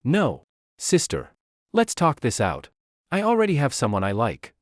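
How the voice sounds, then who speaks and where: A man's voice: mid-range voice, huge pitch swings, measured pace, dry recording, clean studio sound. A panicky young guy, a man doing it. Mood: panicked. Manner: panicky, pleading.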